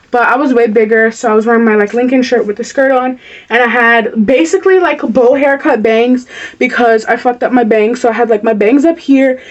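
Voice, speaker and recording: A woman's voice: fairly high pitch, distant mic, highs cut off. A young woman vlogger telling a storytime, blunt, heated and profane as she talks. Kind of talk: storytime vlog.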